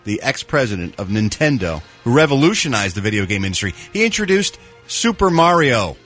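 A man, a regular on a morning radio show, telling entertainment news in a lively, animated way with bursts of mock outrage. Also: medium pitch, brisk, faint music behind. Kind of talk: casual radio banter and news segment. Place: broadcasting remotely by phone or line.

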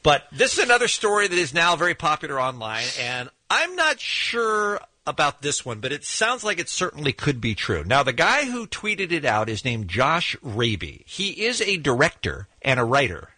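A middle-aged man hosting radio, his voice bright and a little husky, swinging up and down in pitch as he tells a story. He reads with gusto and laughs along the way, in a dry studio sound. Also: moderate pace, few pauses, dry recording. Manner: animated storyteller, laughs while reading. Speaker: radio show host. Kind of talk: morning radio chat, reading out a story.

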